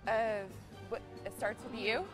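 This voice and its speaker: A woman's voice: a little high, steady tone, a little slow, music in the background. A woman tennis player answering quiz questions while juggling, hesitant and giggly.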